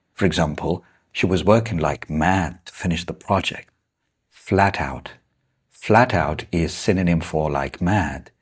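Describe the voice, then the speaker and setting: A man teaching English idioms in a slow, deliberate lesson, explaining each one and repeating examples. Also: deep voice, husky. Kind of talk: scripted lesson narration.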